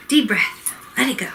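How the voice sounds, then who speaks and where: A woman's voice: bright, forceful tone, a little hiss or hum, low-quality recording. A woman vlogging a heated personal rant to camera, swearing and exasperated, worked up and close to tears.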